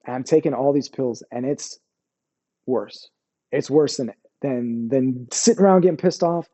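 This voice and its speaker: A man's voice: medium pitch, normal speed, warm tone. A man in his forties, an army veteran guest, telling his story bluntly in casual, profanity-laced talk full of "bro" and "like".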